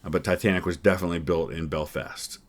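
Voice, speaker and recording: A man's voice: sits low, steady tone, quick pace. A man hosting a history channel, reacting to a trivia quiz and musing through each answer with plenty of ums and uhs. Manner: thinking aloud, hesitant with many fillers.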